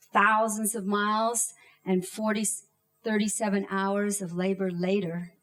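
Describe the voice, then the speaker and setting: Using a mid-range voice, a woman in her thirties from Canada delivers a personal story on stage. She speaks slowly and deliberately, letting dramatic pauses land and acting out shouts.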